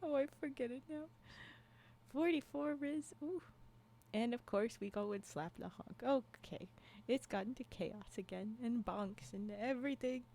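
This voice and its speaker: Chatting with her live audience, this streamer tells stories in a slightly high, warm voice at an ordinary speed. Her talk wanders, full of false starts and side comments, and she laughs frequently.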